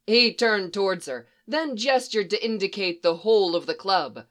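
An audiobook narrator carrying the story along in an even, steady storytelling manner. The voice is bright and forward, with a pitch in the middle range. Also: normal speed, few pauses. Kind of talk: audiobook reading.

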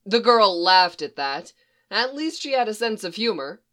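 Reading an audiobook, a narrator moves the story along steadily and evenly, a little on the slow side. The voice is bright and forward, pitched in the middle range.

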